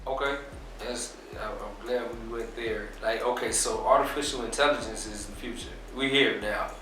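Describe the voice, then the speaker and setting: A man being interviewed, explaining his business in a relaxed, casual way with plenty of fillers. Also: mid-range voice, moderate pace, far from the mic, slight background noise. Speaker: interview guest, business owner. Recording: very echoey room, off mic.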